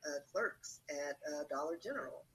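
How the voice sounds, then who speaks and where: A man's voice: on the high side, lively intonation, normal speed, a bit bright, a little hiss or hum, poor audio. A man in a casual discussion, speaking frankly in a rambling way with many fillers and asides. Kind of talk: casual chat.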